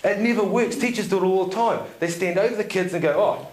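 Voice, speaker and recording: A man giving a seminar talk to an audience, telling stories in an animated way, laughing often and checking in with "yeah?". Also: high-pitched, a little fast. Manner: animated storyteller, laughs often, tag questions. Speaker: seminar speaker. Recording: echoey room.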